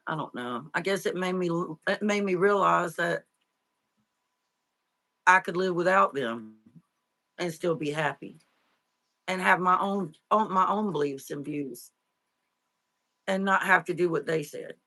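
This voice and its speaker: A middle-aged woman, an interview guest, telling her life story in a halting, tearful way with many fillers and restarts. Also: fairly low pitch, bright, forceful tone. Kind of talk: emotional personal storytelling.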